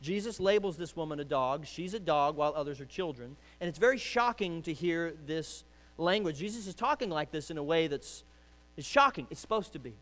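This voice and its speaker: A man preaching a sermon as pastor, emphatic, swinging from hushed lines to loud ones. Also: on the high side, animated, brisk, long reverb tail.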